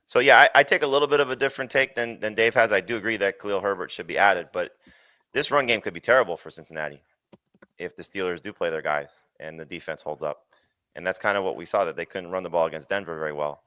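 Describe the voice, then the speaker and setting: A man giving fantasy football analysis in casual chat, quick and emphatic, restarting his sentences often. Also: sits low, pushed and bright, clean tone, no room sound.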